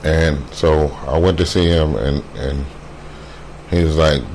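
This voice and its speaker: A man with a very deep voice tells a personal story slowly, often stopping to restart his words. His talk is casual and unscripted, full of fillers. A faint hiss sits under the recording. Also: fairly even intonation, a little mellow. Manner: halting, many fillers and repeated words; quotes others in a brisk voice.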